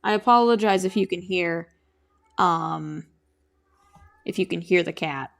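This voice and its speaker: A woman's voice: lowish voice, measured pace, gravelly. A young woman streaming from home, chatting casually and rambling as she answers her chat while she draws. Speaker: streamer and animator.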